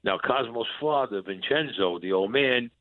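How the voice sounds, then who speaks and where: Speaking at medium pitch and a moderate pace, a former mob enforcer being interviewed tells a story and voices both people in old conversations, his street talk blunt and full of profanity. The call sounds tinny, with no room sound.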